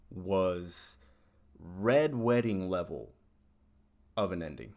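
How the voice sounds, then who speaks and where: A man's voice: sits low, moderate pace. A man casually reviewing a book on his channel, rambling with frequent restarts and filler words.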